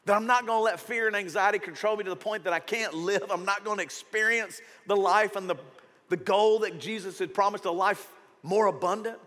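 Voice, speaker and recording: A man's voice: high-pitched, fairly even intonation, brisk, fairly bright tone. A middle-aged man, preaching a sermon in a conversational, storytelling way with strong emphasis. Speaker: pastor. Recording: reverberant church hall.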